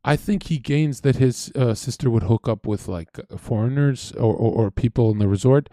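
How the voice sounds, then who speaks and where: A young man from Canada telling a story in casual chat, animated and profane, acting out what others said. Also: mid-range voice, moderate pace, no echo. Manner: animated, profane, acts out quoted voices. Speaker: streamer host.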